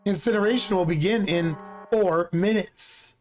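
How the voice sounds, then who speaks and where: A man voicing a machine announcer that reads out a countdown in a flat, announcing tone. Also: sits high, moderate pace, soft background music, natural voice.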